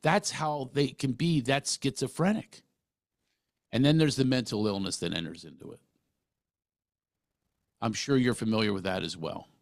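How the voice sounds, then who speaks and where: A man's voice: mid-range voice, normal speed, creaky, long pauses, dry recording, studio quality. A middle-aged man hosting a podcast, talking earnestly and emphatically, often restarting his sentences. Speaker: podcast host. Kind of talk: casual interview talk.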